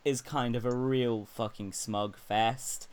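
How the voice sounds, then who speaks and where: A man's voice: medium pitch, fairly even intonation, slow, smooth. A man co-hosting a podcast, rambling and sweary in casual political chat, full of fillers. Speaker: podcast co-host.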